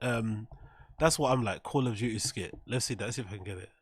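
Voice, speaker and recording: A man's voice: fairly low pitch, fast talker, husky. A man hosting a livestream, rambling and swearing casually as he talks to his viewers. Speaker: streamer host.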